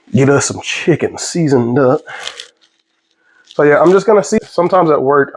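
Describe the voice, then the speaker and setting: A young man cooks in his home kitchen, with a voice in an ordinary middle range. He rambles and jokes and gets sidetracked as he goes, in a loose, casual manner. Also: medium pitch. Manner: rambling, jokey, easily sidetracked. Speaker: vlogger. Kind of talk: casual cooking vlog.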